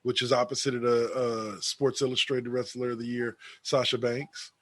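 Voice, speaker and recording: Casual male podcast co-host, mid pitch, dry close mic, sarcastic list-reading. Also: level tone, normal speed, fairly bright tone, no echo. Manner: reads award list aloud with sarcastic asides and laughs.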